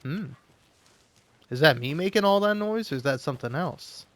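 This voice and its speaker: A man's voice: on the high side, expressive, moderate pace. A man rambling casually from home while playing a game, swearing and laughing often. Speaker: let's play host. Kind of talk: casual gaming commentary.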